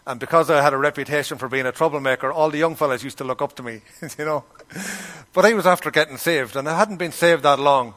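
A fast-talking middle-aged pastor from Ireland, with a slightly high and fairly bright voice, preaches through storytelling. He keeps it conversational and acts out what the people in his stories say.

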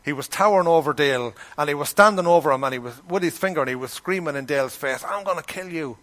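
A man's voice: fairly high pitch, quick pace, fairly bright tone. A middle-aged Irish man preaching a sermon, telling stories in a conversational way and acting out the voices of the people in them. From Ireland. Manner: conversational storytelling, acts out quoted voices. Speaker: pastor. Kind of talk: sermon with storytelling.

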